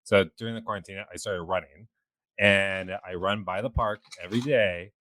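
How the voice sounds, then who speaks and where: Low-voiced man telling a story in casual chat. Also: steady tone, moderate pace, a bit bright, no room sound. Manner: conversational storyteller. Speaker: podcast co-host.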